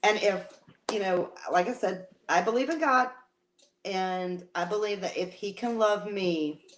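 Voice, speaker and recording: A woman's voice: mid-range voice, slight background noise. A woman co-hosting a casual live-stream chat from home, talking in an emotional, rambling way with many restarts. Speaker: co-host.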